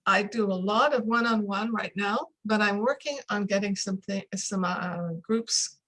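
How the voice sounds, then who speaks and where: An older woman, a speech coach, explaining pronunciation in a casual interview over a video call, slowing down to demonstrate sounds. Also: medium pitch, fairly bright tone, low-quality recording. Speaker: accent coach.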